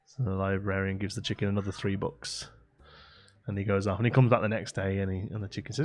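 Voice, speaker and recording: A man's voice: sits low, little pitch movement, quick pace. Chatty man streaming a game. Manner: chatty, rambling, laughs often, many fillers. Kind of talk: casual chat to a live audience. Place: home streaming setup with a green screen.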